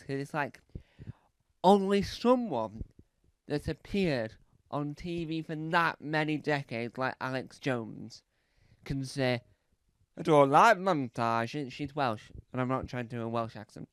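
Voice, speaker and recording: A man's voice: medium pitch, fairly bright tone, smooth, dry recording. A male comedian telling a rambling comedy monologue, full of restarts, asides and "right?" check-ins. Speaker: stand-up comedian.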